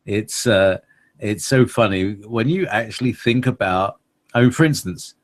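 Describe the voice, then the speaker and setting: A man's voice: on the low side, a little slow. A man, co-hosting a radio chat. He rambles playfully, with many fillers and laughs. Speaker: co-host.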